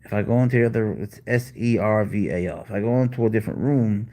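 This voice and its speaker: A man's voice: fairly low pitch, fast talker, warm tone. A man hosting a live stream about his pet, chatting casually and rambling through answers to viewers' questions.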